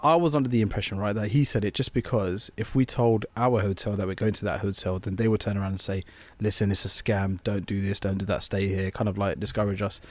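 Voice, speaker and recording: A young podcast co-host rattles through a rambling anecdote in casual storytelling chat, acting out the voices he quotes. His fairly low voice holds a fairly even intonation at a quick pace, with hardly any pauses.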